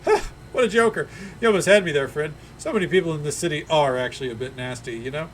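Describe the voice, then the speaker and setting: A man doing a bubbly, high halfling tourist. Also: fast, a little hiss or hum, natural voice. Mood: eager. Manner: bubbly, overly eager and sing-song. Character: cheerful chatty male halfling tourist.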